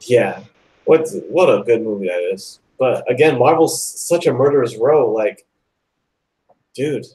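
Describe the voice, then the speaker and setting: A man hosting a live online talk show, chatting excitedly and rambling, with lots of "like" and "dude". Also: mid-range voice, unhurried, a little hiss or hum, rough recording. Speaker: host. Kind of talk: casual chat.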